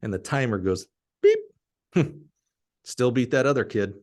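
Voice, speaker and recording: A middle-aged man from Alabama, hosting a podcast and telling a story in an animated, laughing way. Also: medium pitch, a little slow. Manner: animated, laughing storyteller who acts out quotes. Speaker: podcast host.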